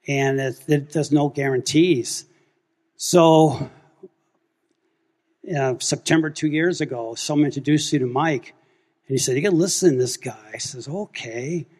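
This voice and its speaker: A man in his fifties telling a congregation a family story, acting out the dialogue with lively energy. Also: a little high. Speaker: church member sharing a testimony. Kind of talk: testimony story told to a congregation. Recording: long hall reverb.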